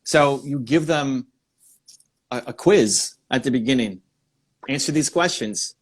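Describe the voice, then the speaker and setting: A man hosting a live stream, giving energetic advice and thinking out loud in quick bursts. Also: mid-range voice, husky. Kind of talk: excited live-stream coaching chat.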